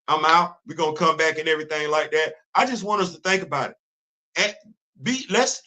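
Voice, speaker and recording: A man hosts a casual livestream, pressing his points with emphatic repetition. His voice sits a bit high with a bright, forceful edge. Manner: emphatic, preachy, repeats himself. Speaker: host.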